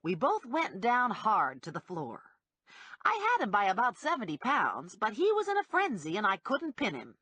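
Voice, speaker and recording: Lively woman narrating an audiobook. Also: mid-range voice, moderate pace, slightly rough, no echo. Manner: lively, wide-ranging delivery with acted character voices. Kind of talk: scripted first-person audiobook narration.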